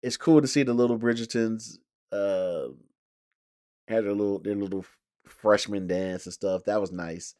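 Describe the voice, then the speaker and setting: A man's voice: on the low side, steady tone, a little slow, dark tone, clear, resonant tone, no room sound, studio quality. A man talking casually about a show he watched, rambling with many fillers and restarts. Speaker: show reviewer. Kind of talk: casual reaction talk.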